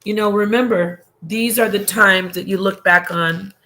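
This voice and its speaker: A woman's voice: medium pitch, steady tone, unhurried, bright, forceful tone. A woman hosting a casual livestream and reading viewer comments, talking in a rambling, emotional way with laughs and restarts.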